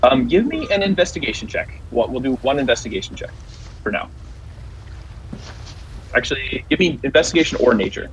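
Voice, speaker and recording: A man narrating a tabletop game as game master, halting, with many fillers. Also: mid-range voice, sing-song, a little hiss or hum, low-quality recording.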